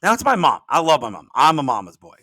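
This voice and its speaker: Bright-voiced older man telling folksy stories. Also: on the high side, sing-song, fast talker, no echo. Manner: rambling, folksy, repeats words when restarting. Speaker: podcast host and business coach. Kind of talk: casual solo podcast storytelling.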